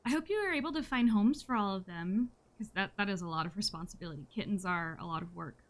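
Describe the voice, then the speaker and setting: A woman's voice: medium pitch, fast talker. A woman streamer chatting casually with her viewers while reading through a story game. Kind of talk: casual let's-play commentary.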